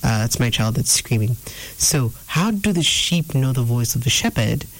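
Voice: medium pitch, animated, moderate pace, low-quality recording. A preacher teaching an informal sermon, earnest and repeating phrases for emphasis. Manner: acts out inner voices in quotes. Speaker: preacher answering a viewer question.

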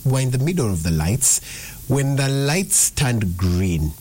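A young man, hosting a drive-time radio show and chatting through stories with lively swings in his voice. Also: a little slow, husky. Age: young adult. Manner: chatty storytelling, animated pitch swings. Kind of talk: casual radio talk. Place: radio studio.

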